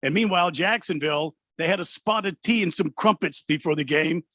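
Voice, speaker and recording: A male radio co-host who talks in a halting, stop-start way. His voice is a bit high, and the studio sound is dry and close. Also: pushed and bright, dry recording. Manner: halting, stammering restarts. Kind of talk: casual sports talk.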